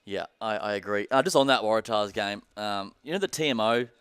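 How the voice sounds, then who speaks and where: An Australian man hosting a live rugby watch-along podcast, brisk and upbeat, keeps throwing questions to his co-hosts and guests. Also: lowish voice, fairly bright tone, clean tone, no echo. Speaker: podcast host.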